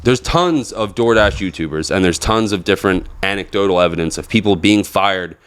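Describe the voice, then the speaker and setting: Young guy ranting on a podcast, lowish smooth voice, swears a lot, does little voices for people. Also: brisk. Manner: profane, animated storytelling with acted quotes. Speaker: podcast host. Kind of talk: casual storytelling chat.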